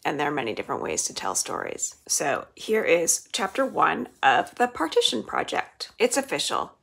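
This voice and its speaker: A woman's voice: low-pitched, moderate pace, vocal fry, breathy edge. A woman librarian reading the first chapter of a children's novel aloud, telling it expressively. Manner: expressive storytelling.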